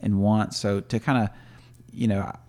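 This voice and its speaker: A man's voice: on the low side, little pitch movement, moderate pace, dark tone. A man in his thirties co-hosting a podcast, talking in an earnest, reflective way with many filler words. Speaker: podcast co-host. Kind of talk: casual chat.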